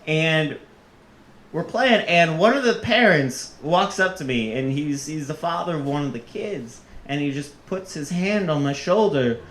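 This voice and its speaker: A man's voice: fairly high pitch, lively intonation, unhurried, fairly bright tone, roomy sound. A man telling a comic personal story on stage, self-mocking and often breaking into laughter.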